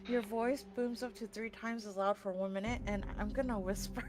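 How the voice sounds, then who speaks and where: A woman's voice: mid-range voice, steady tone, moderate pace, hardly any pauses, darkish tone. A woman playing in a tabletop game, chatting playfully about her character. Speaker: player. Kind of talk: casual tabletop play.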